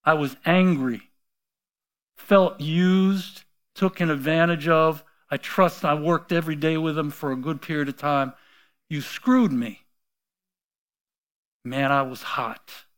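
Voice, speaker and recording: A middle-aged man preaching a sermon, telling a personal story and acting out the quoted voices, swinging between quiet asides and loud outbursts. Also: fairly high pitch, fairly even intonation, a little slow, smooth. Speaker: pastor.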